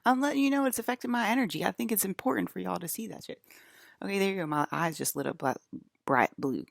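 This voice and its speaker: A woman's voice: mid-range voice, quick pace, vocal fry, no echo, clean studio sound. A woman vlogging in a rambling casual monologue, talking straight to her viewers and repeating her points with emphasis. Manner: emphatic, repeats herself, addresses viewers directly.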